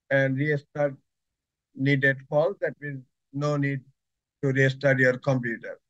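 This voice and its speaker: Slow, methodical male IT instructor. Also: mid-range voice, dull audio. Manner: slow, instructional, pausing between short phrases. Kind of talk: step-by-step software tutorial narration.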